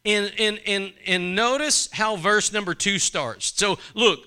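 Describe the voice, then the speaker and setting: Bright high-voiced male preacher. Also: unhurried, clear, resonant tone. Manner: conversational, asks the congregation questions; acts out quoted voices. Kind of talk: sermon.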